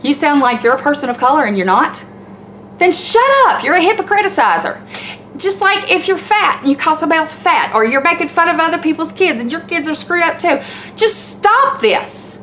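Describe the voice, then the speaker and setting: A woman's voice: very high voice, animated, moderate pace, pushed and bright, a little hiss or hum. A middle-aged woman with a Southern accent, ranting blunt commentary in a home vlog, preachy and fired up, with some cursing. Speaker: YouTube commentator. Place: home, by the laundry.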